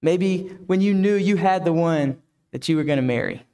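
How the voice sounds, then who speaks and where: A man's voice: a little high, normal speed, dark tone, smooth. A man preaching a reflective sermon who asks the listeners many questions. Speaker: pastor.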